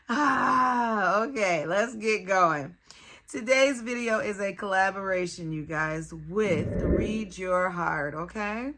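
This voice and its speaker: A woman lifestyle vlogger chatting in a gushing, excitable way, laughing often as she talks to her viewers. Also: medium pitch, unhurried. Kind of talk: casual unboxing vlog.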